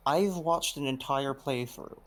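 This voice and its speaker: A man's voice: mid-range voice, unhurried, crowd noise, rough recording. A man joining a stream over a call, chatting casually and trading dry, wry one-liners.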